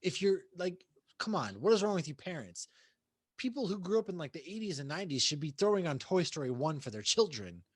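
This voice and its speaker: A man's voice: a little high, sing-song, fairly quick, slightly rough, no echo, studio quality. Guy in his 30s ranting on a home podcast, lots of swearing, voice all over the place. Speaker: podcast co-host. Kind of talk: casual chat.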